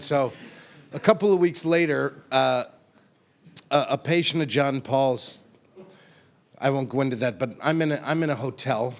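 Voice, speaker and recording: A chiropractor speaks to a conference audience in an animated storytelling style. His voice sits at a middle pitch, and he acts out the lines he once shouted as he tells the story. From United States.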